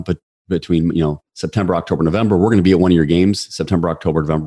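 A man in his forties, a podcast guest, telling a story in a casual interview, animated and acting out the quotes. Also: deep voice, breathy edge. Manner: animated, fast storyteller who acts out quotes.

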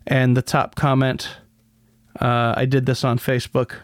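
A man's voice: mid-range voice, completely flat delivery, a little slow, clear, resonant tone, no echo, studio quality. A man hosting a casual solo podcast, rambling with many restarts and a sardonic edge. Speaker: podcast host.

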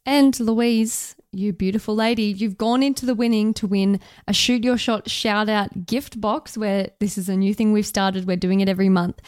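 A young woman, co-hosting a podcast in casual chat, laughing often and saying upbeat words flatly. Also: mid-range voice, smooth, no echo, studio quality. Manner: chatty, laughs often, deadpan delivery of enthusiastic words. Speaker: podcast co-host.

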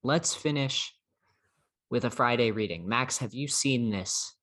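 A man's voice: mid-range voice, unhurried, a bit bright. Upbeat man hosting a sports chat. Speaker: podcast host.

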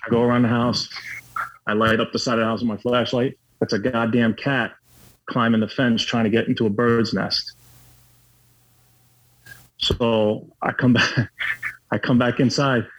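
A man's voice: medium pitch, little pitch movement, moderate pace, pauses often, low-quality recording. A middle-aged man telling his own story candidly, blunt and profane, with lots of fillers. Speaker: guest.

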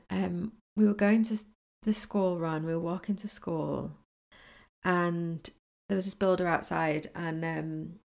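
A woman manifesting coach talking casually in a solo podcast, telling a rambling story with lots of fillers and restarts. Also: low voice.

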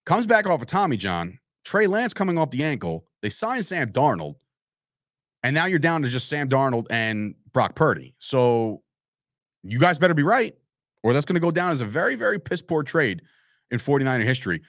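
A man's voice: medium pitch, very animated, normal speed, fairly bright tone, no room sound, clean studio sound. A man hosting a live sports talk show, rambling through opinions, swearing freely and answering viewers in the live chat. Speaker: podcast host.

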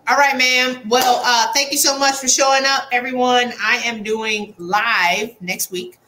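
A woman's voice: fairly high pitch, steady tone, a little slow, sharp tone, a little hiss or hum. A woman hosting a podcast interview, talking casually and animatedly with slangy asides and frequent laughs. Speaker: podcast host.

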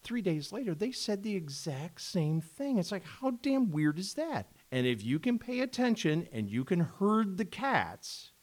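A man co-hosting a podcast in casual chat, animated, exclaiming often and bursting into laughter. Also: sits high, measured pace, hardly any pauses. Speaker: podcast co-host.

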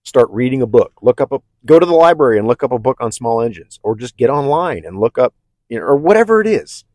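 Very animated and fast, a mid-range voice with a darkish tone hosts a casual self-help podcast. He speaks candidly and reflectively, restarting with stammers and repeatedly checking in with "okay?", in a dry recording.

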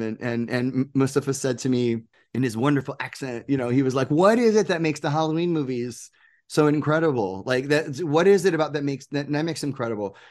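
An enthusiastic man telling stories in an interview. His voice sits at an ordinary pitch, and he brings other people to life by acting out what they said. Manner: animated, enthusiastic, acts out quoted people. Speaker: guest, producer and game maker. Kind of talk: casual interview storytelling.

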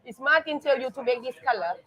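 A woman's voice: high-pitched, lively intonation, quick pace. A woman whose first language is Thai, chatting in broken English and giggling often. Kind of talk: casual chat. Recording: noisy room with crowd chatter.

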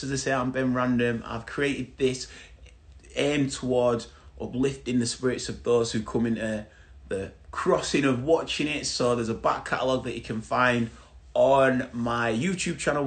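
A man with a Yorkshire accent, hosting a casual podcast interview over a video call in an upbeat, chatty way. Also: mid-range voice. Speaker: podcast host.

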